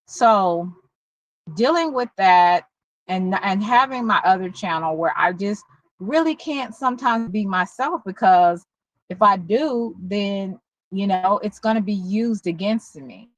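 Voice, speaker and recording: A woman's voice: mid-range voice, no echo, low-quality recording. Candid Southern woman vlogging, dry sound. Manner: slow, candid, halting, with many pauses and fillers. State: close to tears at times. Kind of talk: emotional personal vlog talk.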